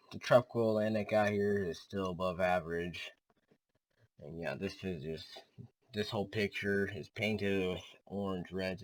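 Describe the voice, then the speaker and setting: A man's voice: fairly low pitch, poor audio. A young man casually talking through storm maps for his weather video, loose and rambling with many filler words. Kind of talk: casual weather briefing over screen maps.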